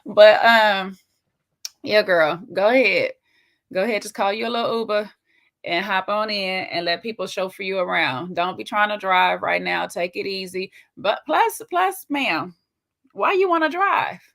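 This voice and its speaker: A woman with a Southern US twang hosting a casual, slangy recap of a reality TV show, chatty and quick to laugh. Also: mid-range voice, creaky, a bit bright. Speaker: host.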